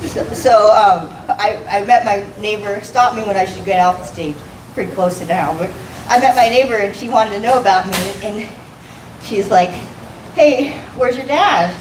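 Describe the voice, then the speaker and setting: A woman's voice: mid-range voice, moderate pace. A woman doing a stand-up set, self-deprecating, swearing and laughing at her own jokes. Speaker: stand-up comic. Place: comedy club stage. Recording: echoey room from far off, noisy.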